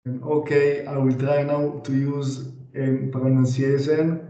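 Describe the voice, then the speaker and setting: A young man from Israel in his twenties who stutters, repeating drill words and answering in short, halting phrases. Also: medium pitch, flat delivery, dark tone, recorded from a distance. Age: 20s. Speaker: therapy client. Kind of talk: repetition drills and halting replies. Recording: roomy, dull lo-fi sound.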